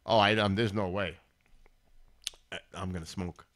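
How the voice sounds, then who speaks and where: A man's voice: deep voice, steady tone, normal speed, a bit bright. Chatty man hosting a live stream. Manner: chatty, talks straight to viewers in chat. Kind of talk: casual live-stream chat.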